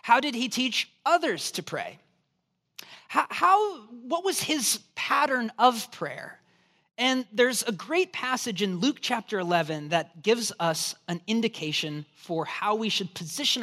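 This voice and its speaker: A man preaching a sermon as pastor, telling a humorous story in an animated, joking way. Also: high voice. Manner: animated, joking storyteller, acts out quoted voices.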